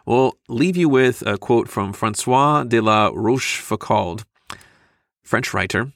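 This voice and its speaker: A man co-hosting a podcast, reading out fun facts in an even, matter-of-fact tone. His voice sits in an ordinary middle pitch. The sound is close and dry. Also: slow, gravelly, no room sound. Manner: reads trivia facts in a steady, matter-of-fact way. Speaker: podcast co-host. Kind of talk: casual chat.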